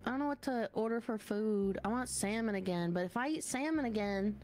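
A woman's voice: fairly high pitch, brisk, a little mellow, faint music behind. A woman chatting casually during a game in a bubbly, talkative way.

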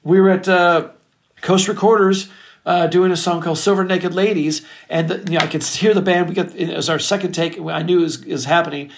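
A middle-aged record producer telling stories in an interview, animated and casual, swearing freely. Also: male voice, high-pitched, a little fast, vocal fry, slight background noise. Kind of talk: storytelling interview chat.

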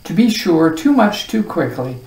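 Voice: medium pitch, big pitch swings, normal speed, a little mellow, pitched above the performer's own voice. A reader voicing a pompous, talkative male humbug bug in a storybook reading, raised and wordy. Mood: wheezing. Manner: wordy, pompous, wheezing from overeating. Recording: roomy echo, voice far from the mic.

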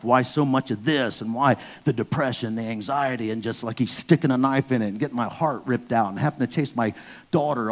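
Speaking at medium pitch, a man in his fifties preaches as pastor in a candid, story-driven way. Acting out the stories, he bursts out loudly without warning.

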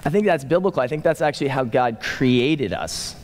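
A man preaching a sermon as pastor, animated, with loose conversational fillers, rising for emphasis and dropping low to slow down. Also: long reverb tail. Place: church sanctuary.

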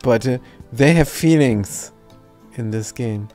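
A man streaming a game live, giving casual commentary, reading chat aloud and making relaxed asides. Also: mid-range voice, takes it slowly, faint music behind.

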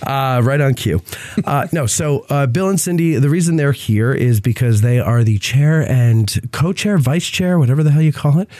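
This podcast host is a man with a mid-range, dark-toned voice, speaking at normal speed with no echo. He's congested from a cold and rambles through a casual chat, interrupting himself and using lots of fillers.

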